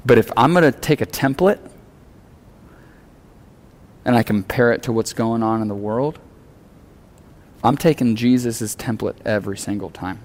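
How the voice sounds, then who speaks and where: A man's voice: medium pitch, moderate pace, long pauses. Earnest, casual-talking male pastor. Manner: casual and earnest, acts out quoted lines. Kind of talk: conversational sermon.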